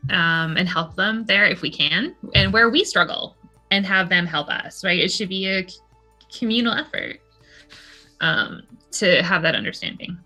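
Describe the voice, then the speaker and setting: A woman's voice: on the low side, normal speed, pushed and bright, soft background music, rough recording. A Canadian woman with a Canadian accent, a guest telling stories in a casual chat. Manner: chatty, storytelling.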